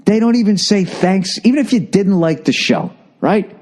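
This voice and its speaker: A man's voice: sits high, big pitch swings, normal speed, a little mellow. A middle-aged man ranting profanely in a casual comic monologue, repeating words as he builds up steam. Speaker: podcast host.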